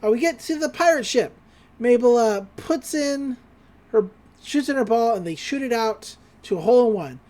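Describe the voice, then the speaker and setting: A podcast co-host chats casually while recapping a cartoon episode, slipping into quick character voices as each scene gets retold. The voice sits at medium pitch with lively intonation and a slightly mellow quality.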